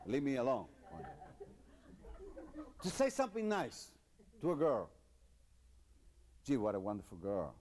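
Man mock-teaching a rowdy comedy lesson. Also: mid-range voice. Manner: deadpan teacherly, slow exaggerated pronunciation drills. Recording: noisy live comedy recording.

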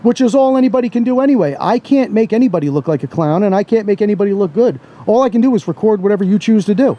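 A man's voice: high voice, expressive, quick pace, dark tone, highs cut off. A man filming outdoors as a First Amendment auditor, giving blunt, sarcastic, casual commentary to his camera with some swearing. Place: outdoors by a parking lot.

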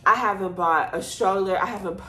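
The woman's voice is medium-pitched, fairly quick, bright, and forceful, with reverb and slight background noise. She's a vlogger from Houston, Texas, casually telling filler-heavy stories to camera in her bedroom apartment.

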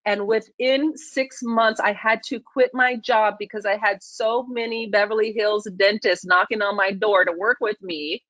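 A woman speaking on a video call, telling a personal story with lively acted-out dialogue. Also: medium pitch, unhurried, few pauses, no echo, low-quality recording. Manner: animated, acts out her own and others' lines. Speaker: featured speaker.

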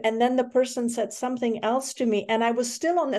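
A woman author telling a lively story on a video call, repeating phrases as she gets excited. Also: a little high, brisk. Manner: animated, repeats herself when excited. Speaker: award-winning author.

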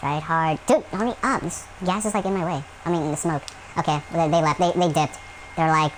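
A man's voice: a little high, brisk, background noise. A man giving gameplay commentary at home, rambling with many fillers and breaking into yelps and rants at the game. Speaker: gaming channel host.

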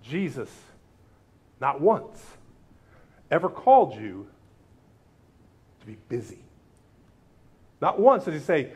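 A man's voice: slow pace, long pauses, slightly rough, dull audio. A man preaching a sermon as pastor, acting out quotes with big jumps in his voice. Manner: animated, acts out quotes with big pitch jumps.

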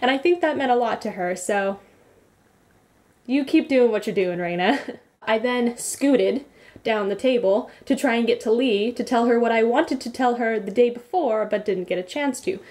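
A woman's voice: on the high side, moderate pace. Giggly, rambling young woman vlogger. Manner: rambly, giggly, animated retelling. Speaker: beauty vlogger. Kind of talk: casual vlog recap.

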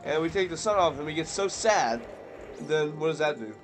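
A high-voiced young man gives jokey gameplay commentary, his voice swinging up and down a lot. He rambles with plenty of fillers and yelps loudly whenever something startles him. Faint music plays behind him. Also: expressive, moderate pace. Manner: jokey, yelps and screams at scares. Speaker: let's play commentator.

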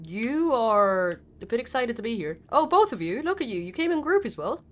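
A woman's voice: on the high side, sing-song, moderate pace. A woman streamer giving live gameplay commentary, nervous and chatty, swearing a lot and talking back at the characters on screen. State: nervous and scared.

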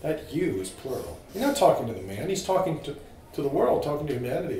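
A man teaching a small group about scripture, informal and animated, asking his listeners questions. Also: on the high side, fast, echoey room, far from the mic, slight background noise, poor audio. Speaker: priest teaching a catechism class.

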